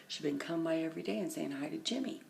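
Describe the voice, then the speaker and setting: Tired, gravelly, low-voiced middle-aged woman. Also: fast talker, noisy background. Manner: often drops to a hushed half-whisper. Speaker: vlogger. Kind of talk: casual rambling storytelling. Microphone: phone camera.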